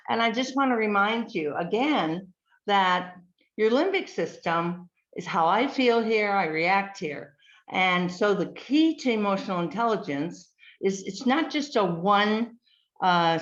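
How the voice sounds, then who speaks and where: A woman giving a slide presentation, speaking in a measured way, listing words with frequent ums. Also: mid-range voice, expressive. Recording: dull lo-fi recording.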